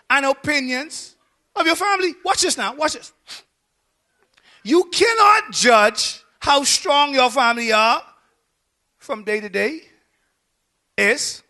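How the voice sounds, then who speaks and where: High-pitched pastor preaching. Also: male voice. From Bahamas. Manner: preaching with shouted peaks, then dropping low and quiet. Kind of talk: sermon.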